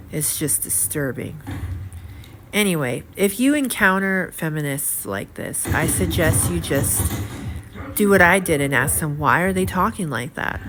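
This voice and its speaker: A middle-aged woman talking to camera in a rambling, indignant way, with many fillers and repeated words. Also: low-pitched. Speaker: vlogger. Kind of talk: casual monologue to camera. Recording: steady audible background noise.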